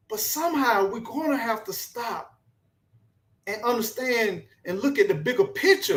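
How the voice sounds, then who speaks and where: High-voiced earnest storytelling man. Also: lively intonation, measured pace, a bit bright. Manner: earnest, preachy, colloquial. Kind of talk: casual storytelling monologue.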